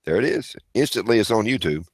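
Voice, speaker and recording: A man's voice: on the low side, big pitch swings, brisk, creaky, no room sound. A man hosting a casual livestream, rambling as he reads viewer chat and calls out names. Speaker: livestream host.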